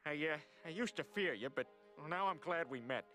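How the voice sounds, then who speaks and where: An actor voicing an earnest, excitable grown man in a cartoon. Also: a little high, moderate pace, soft background music. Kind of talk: cartoon voice acting.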